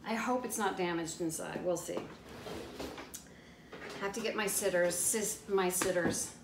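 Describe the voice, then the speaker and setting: Slow-talking chatty woman vlogger. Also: lowish voice. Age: middle-aged. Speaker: lifestyle vlogger. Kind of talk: casual chat to viewers. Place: home kitchen. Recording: echoey kitchen with faint background noise.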